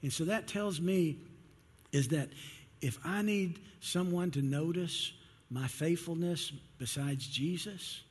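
A man's voice: on the high side, slow pace, breathy edge, long reverb tail. A man preaching a sermon in church, telling a story and acting out its characters. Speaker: pastor.

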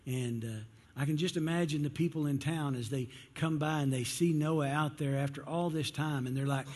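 Husky-voiced pastor preaching in a hall. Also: male voice, a little high, fairly quick, hardly any pauses. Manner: storytelling, acting out characters with raised voices. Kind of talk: sermon. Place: church.

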